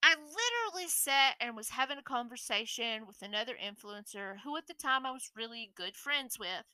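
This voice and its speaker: A woman's voice: a little high, pushed and bright, dry recording, low-quality recording. A woman streamer delivering a blunt, profane, exasperated rant in a vlog. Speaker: streamer and influencer. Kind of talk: ranting vlog monologue.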